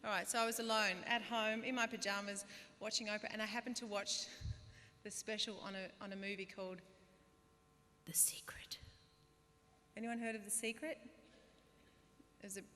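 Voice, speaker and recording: Aussie woman doing a funny graduation speech, bright voice, long hall echo, faint room noise. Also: medium pitch, level tone, brisk. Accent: Australian. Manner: self-deprecating storyteller, bursts of loud put-on voices. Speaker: guest speaker. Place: large hall. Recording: reverberant hall, faint ambience.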